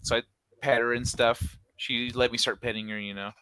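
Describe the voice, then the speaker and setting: A man's voice: mid-range voice, little pitch movement, normal speed, bright, forceful tone, clear, resonant tone. A young man co-hosting a casual chat, telling a long story in a rambling way full of "like" and restarts, with a casual curse here and there. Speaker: podcast co-host.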